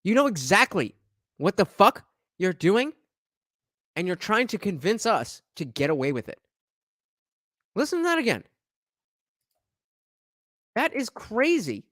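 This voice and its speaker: A man hosts a reaction commentary, sarcastic and profane as he rants between clips. His pitch swings widely from line to line, and the sound is close and dry with no room around it. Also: big pitch swings, a little slow, long pauses, fairly bright tone, dry recording. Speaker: commentary channel host.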